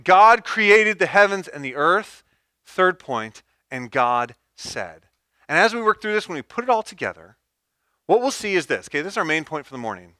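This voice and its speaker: A man's voice: on the high side, sharp tone, dry recording, clean studio sound. A man preaching a sermon, stepping through numbered points and repeating key phrases for emphasis. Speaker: pastor.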